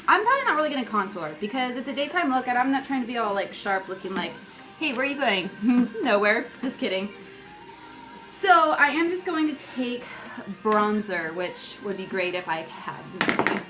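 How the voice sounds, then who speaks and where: A woman's voice: fairly high pitch, low-quality recording. Chatty young woman doing a makeup tutorial. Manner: chatty, giggly, self-mocking asides. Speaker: beauty vlogger. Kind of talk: casual makeup tutorial talk.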